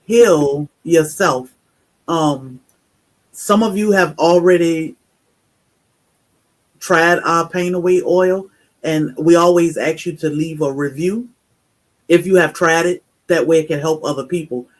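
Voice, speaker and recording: A woman guest on a casual live stream, speaking earnestly about her product and pausing often with fillers. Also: low voice. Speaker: guest, natural product maker.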